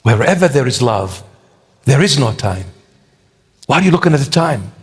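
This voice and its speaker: A man's voice: medium pitch, very animated, normal speed, in a large hall. A man preaching a sermon with emphatic rhetorical questions.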